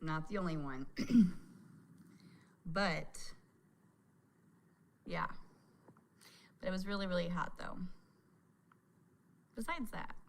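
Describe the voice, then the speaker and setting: A woman's voice: on the low side, animated, slow, long pauses, a little hiss or hum, poor audio. A woman hosting a casual reaction chat, a mother who laughs a lot and exclaims often as she talks. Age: adult mother. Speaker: reaction video host.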